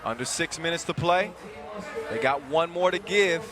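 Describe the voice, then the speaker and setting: Guy doing play by play for hoops, kinda high voice, loud crowd all around, quick and jokey. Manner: quick, jokey, excitable calls. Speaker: play-by-play commentator. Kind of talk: live basketball commentary.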